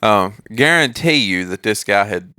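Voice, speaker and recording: A man's voice: lowish voice, animated, measured pace, pushed and bright, smooth, no room sound, clean studio sound. A man co-hosting a podcast in casual chat, laid-back and chiming in with short replies. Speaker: podcast co-host.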